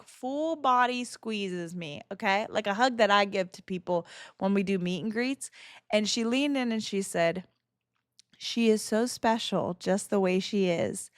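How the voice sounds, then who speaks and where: A woman in her thirties chatting casually on a livestream, excitable and emotional, swearing freely and laughing often. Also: mid-range voice, no echo, studio quality. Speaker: streamer.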